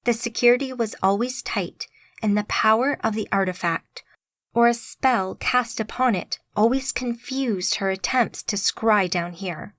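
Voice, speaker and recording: A woman giving steady, scripted audiobook narration. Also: fairly high pitch, unhurried, no room sound.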